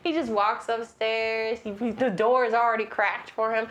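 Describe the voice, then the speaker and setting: Woman cohost doing a funny movie recap, acts out scenes, kinda high voice. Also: steady tone, moderate pace, low-quality recording. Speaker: podcast co-host.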